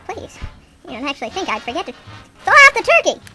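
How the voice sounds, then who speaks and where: Woman doing a frantic young man in a radio comedy; very high, fast voice over music. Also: expressive, bright, forceful tone. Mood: flustered. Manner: frantic, stammering.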